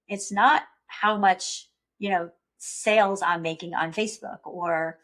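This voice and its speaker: A woman's voice: mid-range voice, steady tone, unhurried, fairly bright tone. Earnest woman podcast host, reflective solo talk, mid-range voice. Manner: earnest, self-reflective, acts out panicked inner voice. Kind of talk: personal reflective monologue.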